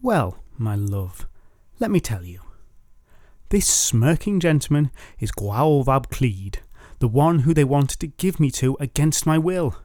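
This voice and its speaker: A cool, sharp-tongued noblewoman, voiced by a male storyteller gives brisk, scolding orders. Her patience is thin and her plans are firm. The sound is dry and close, with no room around it. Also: medium pitch, big pitch swings, no room sound. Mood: exasperated.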